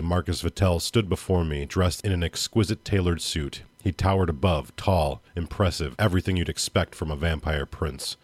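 A man who hosts a podcast and reads a dark first-person story aloud with steady expression. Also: low-pitched, no room sound. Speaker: podcast host. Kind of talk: dramatic story reading.

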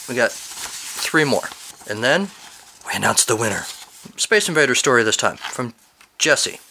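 A man hosting, reading listeners' fill-in-the-blank stories aloud and breaking off for amused asides. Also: mid-range voice. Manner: animated, amused asides between read lines.

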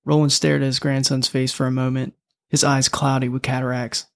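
Male audiobook narrator, mid pitch, gravelly, loose and profane. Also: flat delivery, brisk. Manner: casual, profane storytelling.

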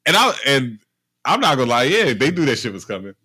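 A young man in casual chat, telling stories in an animated way with heavy slang and swearing. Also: medium pitch, a little fast, slightly rough, no room sound, clean studio sound. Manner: animated storytelling, profane slang.

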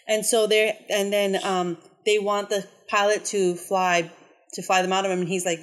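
A woman's voice: mid-range voice, level tone, normal speed. A woman co-hosting a casual podcast, recapping a movie plot in a rambling way with many fillers.

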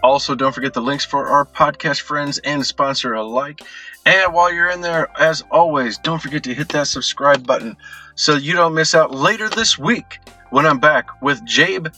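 Upbeat man hosting a podcast, very bright tone, music bed behind. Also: a little high, moderate pace. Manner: upbeat, plugging announcements. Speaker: podcast host. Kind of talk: podcast outro.

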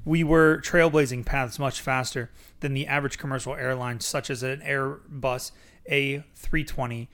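A man's voice: mid-range voice, steady tone, normal speed, fairly bright tone. Young man reading a book aloud. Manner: reads dramatically, breaks off to laugh and joke. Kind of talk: casual reading aloud with asides.

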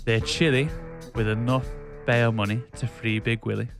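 A man's voice: medium pitch, moderate pace, gravelly, over music. A young man hosting a podcast in casual chat, joking around and laughing often. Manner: jokey, chatty, laughs often. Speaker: podcast host.

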